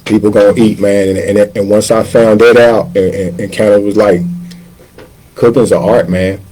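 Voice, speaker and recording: A man in his fifties, a chef, telling his life in a relaxed sit-down interview. He talks in loose slang and keeps slipping into other people's voices as he acts out their quotes. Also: fairly low pitch, normal speed, slight background noise, poor audio. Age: 50s. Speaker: chef guest. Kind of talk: casual storytelling interview.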